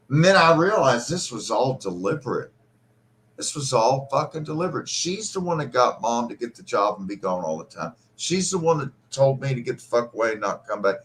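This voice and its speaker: A man's voice: medium pitch, a bit bright, a little hiss or hum. A middle-aged man hosting a live stream, telling a personal story in a profane, emotional and bitter way. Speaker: host.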